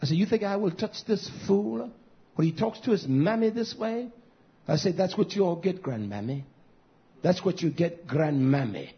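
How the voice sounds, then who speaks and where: A man preaching a fiery, scolding sermon, swinging between shouted lines and hushed ones. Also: high voice, animated, normal speed. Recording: dull lo-fi recording.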